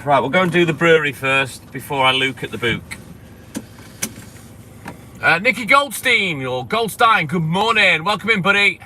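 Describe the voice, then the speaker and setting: A man's voice: a little high, lively intonation, moderate pace, long pauses, bright, forceful tone. A man chatting casually to a live stream chat while on his milk round, swearing freely and greeting viewers by name. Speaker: milkman streamer. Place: in a vehicle on a delivery round. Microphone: phone camera. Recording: noisy with street and car sound. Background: car and street noise.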